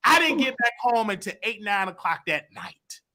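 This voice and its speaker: A man telling a personal story as a guest, animated and expressive, jumping into loud voices when quoting people. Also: high-pitched, normal speed. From Chicago.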